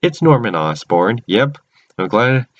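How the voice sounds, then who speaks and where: A man's voice: mid-range voice, very animated, measured pace. A man casually recapping a cartoon episode at home, rambling with many restarts and self-corrections. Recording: dull lo-fi recording.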